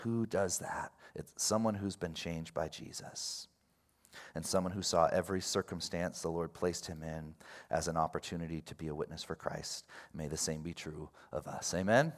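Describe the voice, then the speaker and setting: Give me a man with a low-ish voice preaching a sermon, casual and animated. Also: normal speed. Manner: casual and animated, swings from quiet to loud. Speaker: pastor.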